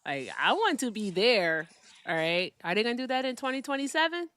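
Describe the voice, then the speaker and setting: A woman's voice: fairly high pitch, sing-song, a little fast, fairly bright tone, dry recording. A woman from Virginia with a Midwestern accent hosting a casual livestream, chatting and thanking viewers for their gifts. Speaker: livestream host.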